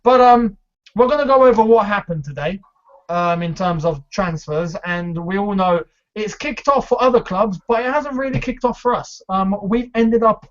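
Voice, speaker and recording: Man, fan host, casual chat, high voice, laughs a lot, muffled lo-fi sound. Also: moderate pace. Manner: chatty, laughs often, hesitant fillers. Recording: dull lo-fi sound.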